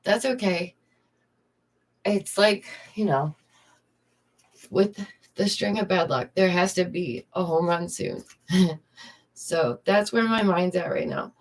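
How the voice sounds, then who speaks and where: In a casual livestream from home, a young streamer and art teacher greets her viewers directly and laughs often. Her lowish voice has lively intonation, and she speaks slowly, leaving long pauses.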